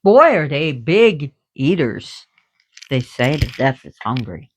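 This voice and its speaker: A woman explaining spiritual lore in casual talk, excitable and giggly, jumping between soft whispers and loud bursts. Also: very deep voice, slow pace, slight background noise.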